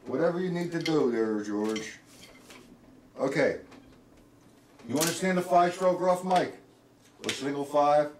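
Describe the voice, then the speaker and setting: A male drum teacher counts out strokes while he plays, talking his live-stream viewers through the rudiment step by step. He sounds set back from the mic in an echoey room. Clear background noise runs under his voice. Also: a little high, a little slow, long pauses, far from the mic. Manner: counts strokes aloud while playing, addresses viewers by name.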